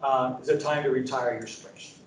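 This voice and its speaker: Chatty trainer in an echoey room. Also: male voice, steady tone, brisk, far from the mic, crowd noise. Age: middle-aged or older. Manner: conversational, filler-heavy, anecdotal sales pitch. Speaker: presenter at a training event. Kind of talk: conference training talk. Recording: echoey room, speaker away from mic.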